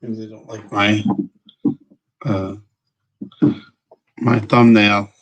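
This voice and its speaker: A man hosting a casual livestream, rambling as he checks his audio, greets viewers by name and often clears his throat. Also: fairly low pitch, little pitch movement, drawn-out words, highs cut off. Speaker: livestream host.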